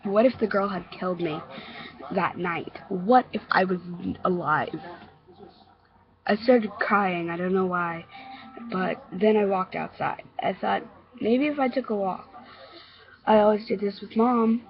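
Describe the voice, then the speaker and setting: A woman narrating a homemade horror story, halting and stammering with many restarts. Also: medium pitch. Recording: dull lo-fi recording.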